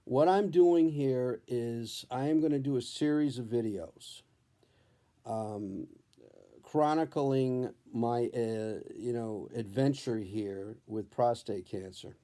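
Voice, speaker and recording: A man's voice: mid-range voice, takes it slowly. Candid, profane male comedian. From New Hampshire. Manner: candid, profane, animated storyteller. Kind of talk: storytelling vlog. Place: his home, indoors.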